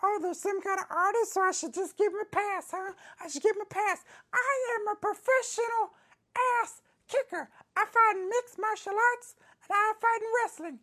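Brief: woman playing a ranting male tough-guy wrestler, voice pitched extremely high and squeaky, comedy sketch. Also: a bit bright. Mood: angry. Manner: ranting, repeats lines, slow heavy emphasis.

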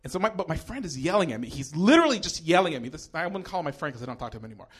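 A young man with a high, lively voice tells a comic story from his own life on stage. He swears freely, and his voice leaps up whenever he shouts out the words of the people in it. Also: racing, slightly rough. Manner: animated, swears freely, shouts quoted lines. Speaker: storyteller at a live storytelling show.

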